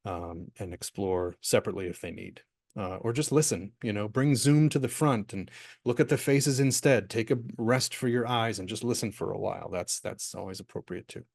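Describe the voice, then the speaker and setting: A man leading an online workshop, answering participants' questions in a relaxed, rambling way with many fillers and restarts, over a video call from his home office. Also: on the low side, moderate pace, vocal fry, no echo, studio quality. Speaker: workshop facilitator.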